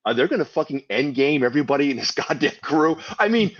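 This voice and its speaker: A man's voice: on the high side, expressive, quick pace, lo-fi sound. A man talking as a guest on a podcast, casually and with feeling, swearing freely and acting out scenes he retells. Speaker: guest panelist.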